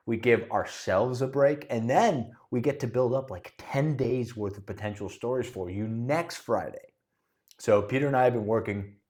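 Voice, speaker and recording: A man's voice: medium pitch, vocal fry. A man co-hosting a casual podcast, chatty and opinionated, often restarting his sentences. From Miami. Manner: chatty, self-interrupting, opinionated. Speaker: podcast co-host, realtor.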